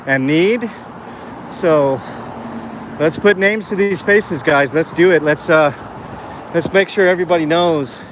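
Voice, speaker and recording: A man talking to his live chat as he walks down a city street, rambling earnestly with lots of fillers. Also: a little high. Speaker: live streamer. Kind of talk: walking live stream vlog. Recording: faint street noise outdoors. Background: street and traffic sounds.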